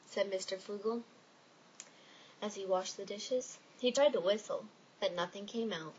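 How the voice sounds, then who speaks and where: A woman reading a children's story aloud in an expressive storytelling manner. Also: medium pitch, a little slow, long pauses, muffled recording, a little hiss or hum. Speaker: reader.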